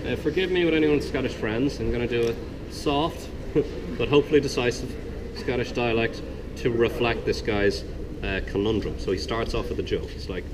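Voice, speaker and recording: A man working as a walking tour guide, telling a story to his group in a chatty, animated way, outdoors in old city streets. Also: medium pitch, moderate pace. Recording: outdoor street noise, passing traffic.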